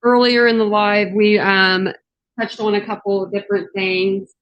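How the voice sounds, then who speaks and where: A woman hosting a true crime livestream, a little hoarse, chatting casually with many fillers and greeting viewers in the chat. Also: mid-range voice, little pitch movement, moderate pace, dull audio. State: slightly hoarse. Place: home office studio.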